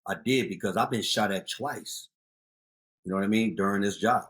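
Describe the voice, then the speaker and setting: A man in his fifties, a youth outreach founder, telling street stories in a casual interview, bursting loud at times. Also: on the low side, normal speed, husky. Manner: animated street storyteller, loud outbursts.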